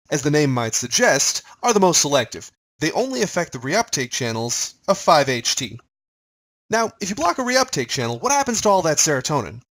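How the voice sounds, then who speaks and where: A man's voice: fairly high pitch, fairly bright tone, poor audio. A man giving a recorded pharmacology lecture in a conversational way, quizzing his listeners as he goes.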